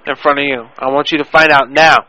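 A man's voice: fairly high pitch, flat delivery, fast talker, bright, forceful tone, low-quality recording. A man playing a touchy adult male prank caller who keeps taking offense and repeats himself. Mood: indignant. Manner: indignant, repetitive, picks fights over words. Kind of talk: prank phone call.

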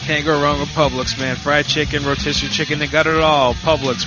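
A man's voice: on the high side, little pitch movement, fairly quick. A man hosting a casual prank-call radio show, rambling with laughs and crude banter. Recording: dull lo-fi sound with music behind.

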